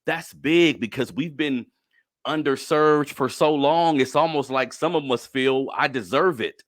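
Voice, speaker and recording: A man hosting a conversational interview podcast, talking emphatically and breaking into high-pitched jokes. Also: a little slow, dry recording, clean studio sound. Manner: emphatic, animated, jumps up high when joking. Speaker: podcast host.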